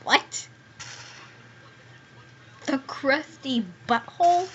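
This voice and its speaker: A young woman giving excitable gameplay commentary as a gaming YouTuber, squealing and pleading when scared. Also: high voice, drawn-out words. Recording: dull lo-fi home recording with faint hiss.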